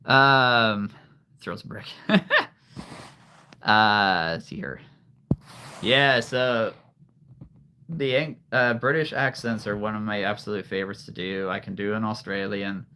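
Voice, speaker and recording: Chatty livestream host from Nebraska. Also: male voice, lowish voice, slow, pauses often, pushed and bright, a little hiss or hum. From Nebraska, USA. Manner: chatty, laughs often, many fillers. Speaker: livestream host showing a creature collection. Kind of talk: casual livestream chat.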